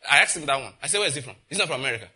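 Husky, animated Nigerian pastor preaching. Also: male voice, rapid-fire. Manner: animated storytelling, acts out exchanges with rising pitch and laughter. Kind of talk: sermon.

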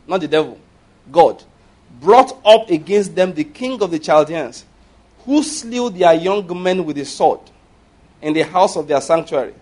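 A man preaching a sermon, emphatic and questioning, reading scripture aloud slowly and forcefully. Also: fairly high pitch, lively intonation. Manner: emphatic, rising and falling with stress, asks the congregation questions.

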